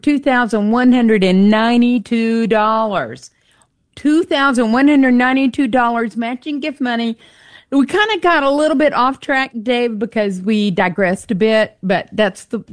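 A woman co-hosting a radio pledge drive, upbeat and teasing, repeating the phone number slowly for listeners. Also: fairly high pitch, no room sound, clean studio sound. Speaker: radio fundraiser co-host.

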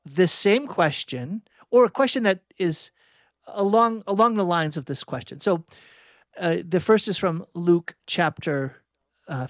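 A man preaching a sermon, reflective and halting, often restarting and correcting himself mid-sentence. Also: fairly high pitch, no room sound.

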